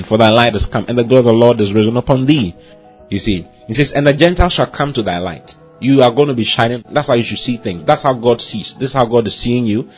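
A man's voice: on the low side, highs cut off. A man pastor hosting a short devotional sermon, preaching emphatically and repeating key phrases. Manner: emphatic preaching, repeats phrases, says "you see" and "hallelujah" often. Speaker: pastor and host.

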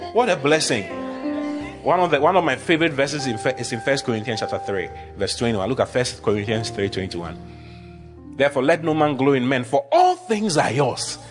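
A man preaching a sermon with emphatic, repetitive declarations, leading the congregation in call-and-response. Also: mid-range voice.

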